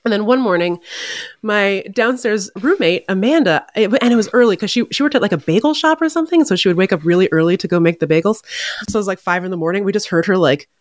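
A woman's voice: mid-range voice, fast talker, no echo, clean studio sound. A woman co-hosting a podcast, telling stories in casual chat and laughing often. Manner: animated storyteller who laughs often. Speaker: podcast co-host.

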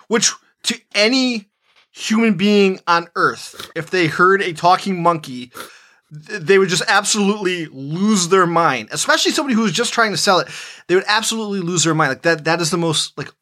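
Podcast co-host, male, slightly high and animated; giggly, curses casually. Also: normal speed. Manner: animated, laughing, swears. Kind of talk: casual chat reviewing a movie.

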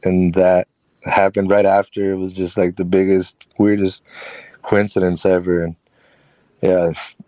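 A man's voice: low-pitched, level tone, a little slow, long pauses, warm tone, dry recording. A man who runs a carpentry business, telling a personal story as an interview guest in a chatty, rambling way with frequent laughs.

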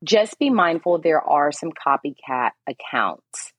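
A woman's voice: low voice, sing-song, unhurried, a bit bright, slightly rough, no room sound, clean studio sound. A woman guest on a podcast, a psychic medium talking candidly and casually, laughing often and swearing now and then.

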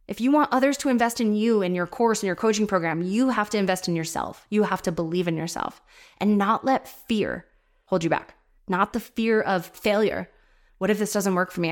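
Woman, thirties, from New Jersey; emphatic motivational coach, swears casually, fired up. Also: mid-range voice. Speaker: online business coach. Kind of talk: motivational podcast monologue.

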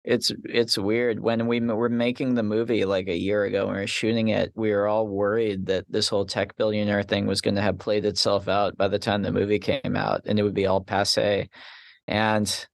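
Low-voiced wry filmmaker, laughing. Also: male voice, little pitch movement, normal speed, vocal fry, dry recording, clean studio sound. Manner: laughs often, wry and self-deprecating. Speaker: film writer-director guest. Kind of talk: casual interview answers.

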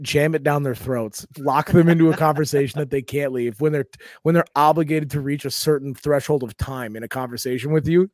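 A man hosting a casual podcast, energetic and teasing as he runs the table. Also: mid-range voice, no room sound. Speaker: podcast host.

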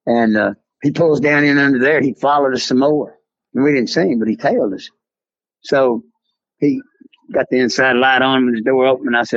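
A man's voice: medium pitch, fairly even intonation, normal speed, no echo. Older texan guy spinning a yarn, dry close sound, kinda dull lo-fi audio. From South Texas. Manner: drawling, rambling storyteller, acts out voices in quotes. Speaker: guest. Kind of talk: storytelling in an interview.

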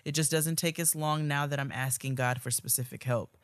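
A woman co-hosting a casual podcast, reading listener emails in an expressive way and often breaking into laughter. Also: rumbling low, fairly quick, dry recording, studio quality. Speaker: podcast co-host.

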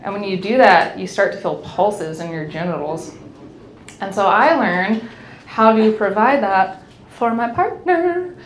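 A woman's voice: medium pitch, animated, a little slow, slight background noise. A young woman hosting a podcast, chatting candidly and frankly, swearing freely and laughing often. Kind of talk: candid casual chat. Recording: roomy echo.

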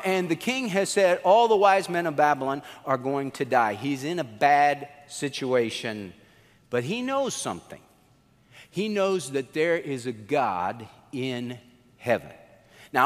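A male preacher with a fairly high voice, telling the story in a lively, conversational way. Each sentence rings out with a long reverb tail, as in a large hall. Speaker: pastor. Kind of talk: sermon.

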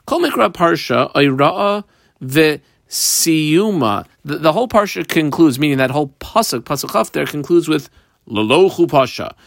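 A man's voice: a little high, lively intonation, normal speed, creaky. Guy going through talmud line by line, translating every bit, methodical, dry no-echo sound. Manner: methodical, translates each phrase and marks up the text as he goes. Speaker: Talmud teacher. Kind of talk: line-by-line Talmud study lesson.

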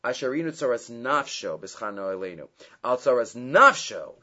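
A man's voice: mid-range voice, sing-song, moderate pace, pushed and bright. A man teaching a Torah class, chanting Hebrew source texts and then explaining them in English. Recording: dull lo-fi recording.

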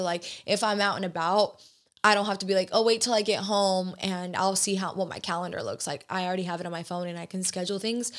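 A woman's voice: medium pitch, a bit bright. Young woman podcaster, casual catch-up chat, rambling delivery with fillers and restarts. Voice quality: chatty, many fillers and restarts. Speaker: podcast host.

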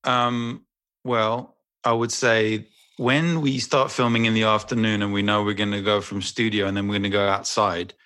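Bright-voiced, foul-mouthed man. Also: fairly low pitch, little pitch movement, normal speed, no echo. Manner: crude, swearing, rambling anecdotes. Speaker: actor guest. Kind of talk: casual chat.

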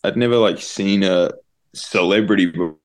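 On a video call, a twentysomething guest musician with a New Zealand accent tells a rambling, casual story full of "like." He has a deep voice and talks at a moderate pace.

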